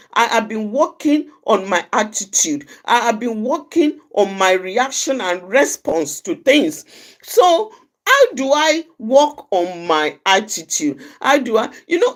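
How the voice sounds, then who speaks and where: A woman giving an earnest, reflective talk for an outreach program, often repeating phrases for emphasis. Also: a little high. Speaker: outreach speaker. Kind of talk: personal reflective talk on anger.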